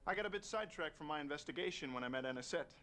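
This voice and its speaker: An earnest texan reverend in an old video game, talks fast, faint hiss. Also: male voice, a little high, animated, sharp tone. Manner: polite and earnest. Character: earnest young male Texan reverend investigator. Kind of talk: full-motion-video game acting.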